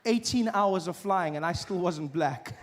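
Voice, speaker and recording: A man from South Africa performing stand-up comedy, animated and mocking. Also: high-pitched, unhurried, heavy background noise. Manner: animated, mocking, acts out voices. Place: large theatre stage. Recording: live stage in a big hall, laughing audience.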